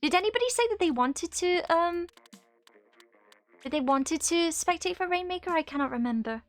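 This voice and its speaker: A woman's voice: extremely high pitch, expressive, normal speed. A woman in her twenties chatting casually on a live stream while she plays, reading chat aloud and laughing often. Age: 20s.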